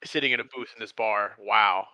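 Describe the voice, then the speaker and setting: A man co-hosting a casual movie chat, with a very bright, forceful voice. He talks animatedly and leaps up in pitch when he acts out characters. The sound is close and dry. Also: steady tone, brisk, dry recording. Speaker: podcast co-host.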